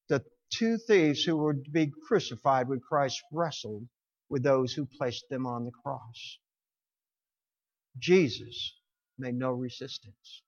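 A man preaches passionately, his sermon swelling to loud, emphatic peaks and then dropping low, and he sometimes stumbles over his words. The audio sounds dull.

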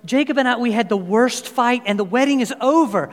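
A man's voice: very high-pitched, a little fast, pitched above the performer's own voice. A man voicing his distraught young adult daughter in a dream story, pleading and insistent, in a reverberant hall. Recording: long reverb in a large hall.

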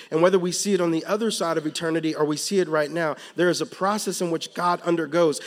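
A man preaching a sermon, moving from calm teaching to loud, emphatic passages, with casual slang in his storytelling. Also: on the high side, quick pace, few pauses. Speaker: pastor.

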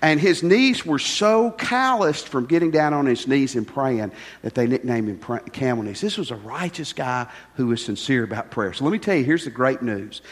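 A man's voice: medium pitch, lively intonation, normal speed, few pauses, husky. An older man preaching a folksy, conversational sermon, full of rhetorical questions to the congregation. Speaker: pastor. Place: church sanctuary. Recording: long reverb of a church hall.

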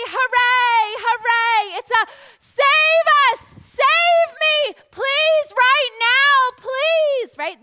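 A high, bright woman's voice reads scripture and then explains it in a lively teaching manner. She acts out the crowd's shouts with animated emphasis. Her tone stays crisp and forward. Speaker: children's Bible teacher. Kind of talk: Bible reading and lesson.

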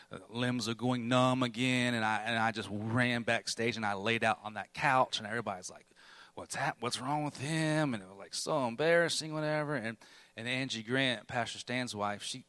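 A man's voice: medium pitch, pushed and bright, clear, resonant tone, no room sound. A man preaching a sermon, telling his own struggles candidly with bursts of emphasis. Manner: candid, self-deprecating storytelling with bursts of emphasis.

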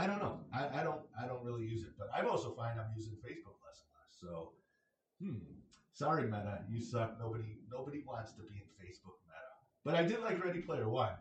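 A man ranting bluntly in a casual monologue, with many fillers and short laughs. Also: mid-range voice. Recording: echoey room, a bit far from the mic.

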